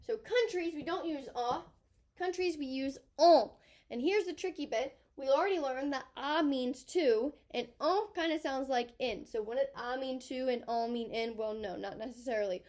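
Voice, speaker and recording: A woman teaching a French grammar lesson, chatting and thinking aloud as she writes on a board. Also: high-pitched.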